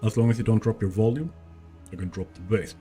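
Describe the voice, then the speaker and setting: A man's voice: lowish voice, fairly even intonation, a little fast, dark tone, soft background music. A man live-streaming a game from a room at home, chatting casually and rambling while he tests and moves his desk mic. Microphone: desk mic, moved around while talking.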